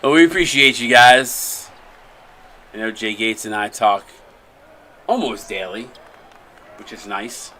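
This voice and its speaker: A man's voice: fairly low pitch, pushed and bright, slight background noise. A man hosting a live stream, calling a simulated basketball game and chatting casually with a co-host and viewers, rambling and restarting his sentences. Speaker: play-by-play caster and stream host.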